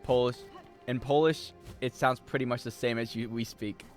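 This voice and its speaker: A man's voice: mid-range voice, fairly even intonation, moderate pace, faint music behind. A male streamer rambling and joking casually with his chat while he plays. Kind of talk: casual game-stream chatter.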